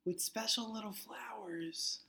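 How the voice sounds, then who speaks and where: A man co-hosting a podcast, chiming in with teasing questions and quick remarks. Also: high voice, gravelly, bright, forceful tone, roomy sound, rough recording. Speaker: podcast co-host. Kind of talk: casual podcast chat.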